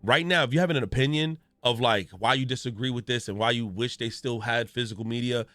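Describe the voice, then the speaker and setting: A man's voice: medium pitch, fairly quick, fairly bright tone, dry recording. A man, a gaming streamer, giving ranting news commentary in a profane, storytelling way with exaggerated reactions.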